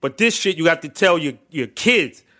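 A man's voice: on the high side, animated, moderate pace, pushed and bright. A man co-hosting a podcast, speaking bluntly and with plenty of swearing as he makes his point. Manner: blunt, profane, emphatic. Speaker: podcast co-host. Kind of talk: casual chat.

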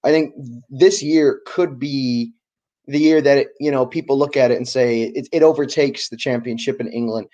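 A man's voice: medium pitch, fairly even intonation, moderate pace, dark tone, highs cut off. A man co-hosting a podcast, talking soccer in a casual, enthusiastic, rambling way. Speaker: podcast co-host.

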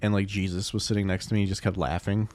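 A man's voice: lowish voice, little pitch movement, quick pace, a little mellow. A man co-hosting a podcast in casual chat, rambling through stories with many fillers and frequent laughs. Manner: rambling storyteller, laughs often, lots of filler "like". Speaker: podcast co-host.

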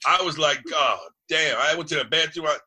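A middle-aged former quarterback from New Jersey, appearing as a guest in a casual chat, tells boisterous, profane locker-room stories. He's an animated storyteller with a fast, slightly rough voice on the high side.

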